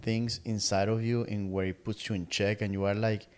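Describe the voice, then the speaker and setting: A man's voice: on the low side, flat delivery, normal speed, few pauses. A middle-aged man co-hosting a podcast, speaking earnestly in casual motivational chat and repeating words as he searches for phrasing. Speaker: podcast co-host.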